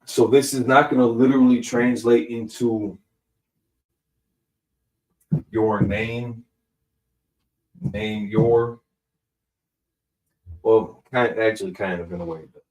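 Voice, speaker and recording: Slow-talking man teaching grammar in an echoey room. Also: lowish voice, fairly even intonation, darkish tone. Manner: slow, thinking aloud, with fillers and self-corrections. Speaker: Hebrew language teacher. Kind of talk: casual teaching, explaining grammar. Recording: echoey room, distant from the mic.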